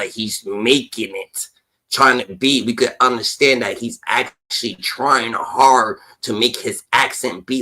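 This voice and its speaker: A man hosting a stream, reacting to clips in an animated rant and ending lines with a repeated filler word. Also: medium pitch, low-quality recording. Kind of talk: casual ranting commentary.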